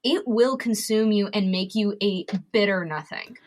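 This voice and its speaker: A woman comedian and advocate appears as a guest in a candid podcast interview, speaking bluntly and emphatically with plenty of swearing. Her voice is medium-pitched and her pace measured.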